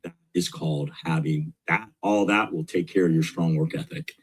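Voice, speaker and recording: Middle-aged male guest, husky, pushes his points with energy and repetition. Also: deep voice, moderate pace. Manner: energetic, emphatic, repeats key points. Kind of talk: casual interview talk.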